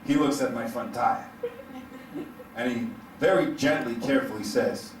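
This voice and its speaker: A man doing stand-up comedy to a live crowd, telling a story in an animated, profane way and laughing through his lines. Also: medium pitch, moderate pace, slight background noise. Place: hotel event room stage. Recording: echoey room, mic heard from a distance.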